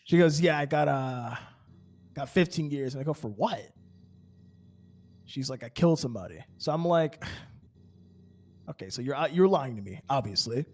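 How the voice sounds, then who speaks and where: A man's voice: mid-range voice, animated, moderate pace, long pauses, faint music behind. A man roleplaying on a game server, telling an in-character story in a rambling way, full of fillers and stammered restarts. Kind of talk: in-character story, casual chat.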